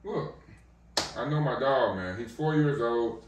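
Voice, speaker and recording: A man's voice: mid-range voice, expressive, unhurried, recorded from a distance. A man chats loosely to the camera while coaxing and praising his dog at home, his talk full of slang. The room is echoey and he often drifts away from the mic. A faint hiss of noise sits behind him. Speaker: dog breeder vlogger. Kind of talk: casual vlog with his dog.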